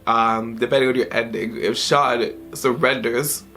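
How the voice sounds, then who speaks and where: A man in his twenties reviewing a video game in a vlog, tearful and emotional, halting and often trailing off mid-sentence, in a dim room at home. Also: medium pitch, fairly even intonation, bright, forceful tone, faint music behind. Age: 20s. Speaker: gaming YouTuber.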